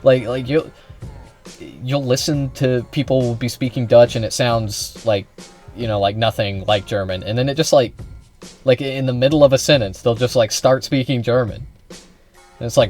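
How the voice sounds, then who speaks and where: A man's voice: mid-range voice, moderate pace, darkish tone, soft background music. A man reacting to a clip as a streamer, talking in a sarcastic, rambling way with frequent restarts and swearing. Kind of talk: casual sarcastic commentary.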